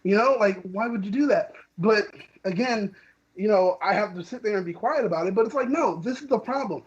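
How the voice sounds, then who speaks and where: A man's voice: high voice, expressive, brisk, dull audio. A man co-hosting a podcast, ranting with indignation about industry gatekeepers. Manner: heated, indignant, quotes people in voices. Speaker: co-host. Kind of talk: casual podcast rant.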